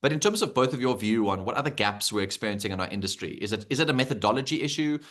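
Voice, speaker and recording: A man's voice: mid-range voice, expressive, very fast, fairly bright tone. A South African man moderating an online panel over a video call, chatty and rambling with fillers. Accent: South African English.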